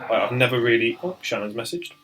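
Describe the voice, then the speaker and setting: A man's voice: mid-range voice, lively intonation, fast talker, a bit bright, rough recording. A man, a barber co-hosting a podcast, telling stories in casual chat, swearing and laughing often.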